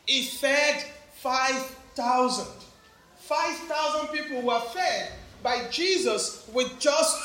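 A man's voice: very high-pitched, sharp tone. A man with an African accent preaching a family sermon in church, engaging the children and congregation with questions. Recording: very echoey church, faint background noise.

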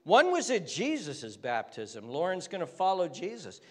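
A male pastor preaching a sermon with passionate repetition, dropping to hushed whispers at times. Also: sits high, wildly swooping pitch, normal speed. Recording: long hall reverb.

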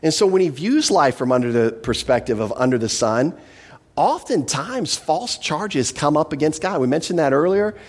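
A man preaching an expository sermon, animated, acting out quoted lines with emphatic voices. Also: on the high side, normal speed. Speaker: pastor. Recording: reverberant hall.

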